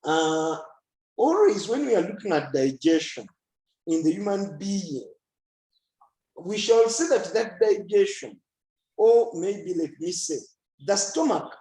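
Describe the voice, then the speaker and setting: A man's voice: sits high, lively intonation, slow pace, pauses often, mellow, roomy sound, poor audio. A man teaching a biology lesson in an online class, often asking a question and then answering it himself.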